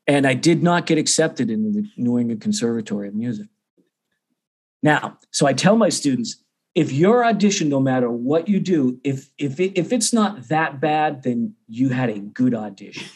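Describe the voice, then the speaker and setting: A man's voice: a little high, moderate pace, slightly rough. A middle-aged man, a percussion teacher, telling a story casually and acting out the other people's voices. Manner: animated, acts out others' voices.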